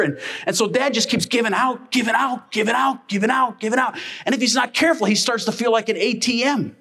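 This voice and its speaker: A male pastor delivering a sermon in a high voice. He tells everyday family stories with lively energy and briefly plays the people in them. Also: fairly quick, hardly any pauses. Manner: animated storytelling, acting out family members.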